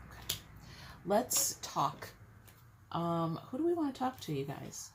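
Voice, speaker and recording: Woman tarot reader, low voice, chatty and blunt, swears freely, faint hiss behind. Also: sing-song, a little slow, long pauses. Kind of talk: casual tarot reading to viewers.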